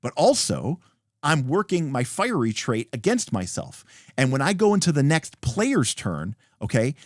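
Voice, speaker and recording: A lively man walks through tabletop game rules on a livestream. His pitch swings widely as he acts out bits of example dialogue between lots of fillers. The sound is close and dry. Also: a little slow, dry recording. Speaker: host explaining game rules. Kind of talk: casual rules explanation on a livestream.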